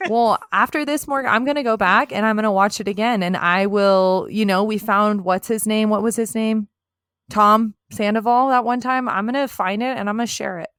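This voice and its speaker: A woman co-hosting a casual podcast in a bubbly manner, often breaking into squeaky impressions. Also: normal speed, fairly bright tone, smooth, no echo, clean studio sound. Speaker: podcast co-host. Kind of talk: casual chat.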